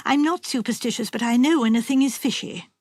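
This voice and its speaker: A woman reader voicing a shrewd, practical nurse in a storybook reading, brisk and matter-of-fact. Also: fairly high pitch, darkish tone, no echo, natural voice.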